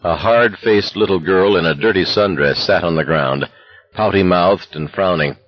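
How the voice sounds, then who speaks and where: A male narrator reads a novel in a steady, intense voice. His tone is very low and husky, with a dry, close sound. The recording itself is dull and lo-fi. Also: normal speed. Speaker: audiobook narrator. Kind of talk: scripted narration.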